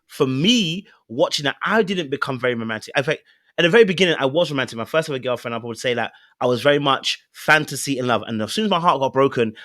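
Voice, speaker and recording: A man's voice: mid-range voice, fairly bright tone, no room sound, clean studio sound. A man hosting a relationship commentary, speaking earnestly and directly to his viewers. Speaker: host. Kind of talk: relationship commentary on a video clip.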